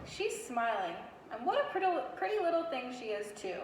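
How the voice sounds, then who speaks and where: Woman doing a jumpy, squeaky thief. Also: big pitch swings, moderate pace, a little hiss or hum. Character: grown male thief, boastful then jittery. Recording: echoey classroom with long reverb.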